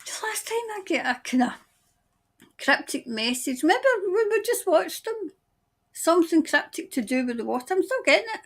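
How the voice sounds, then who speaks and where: A woman giving a tarot-style psychic reading, musing aloud in a halting way as she trails off and starts her sentences over. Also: very high voice, very animated. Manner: speaks of seeing and hearing things. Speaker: tarot reader. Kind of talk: intuitive psychic reading monologue.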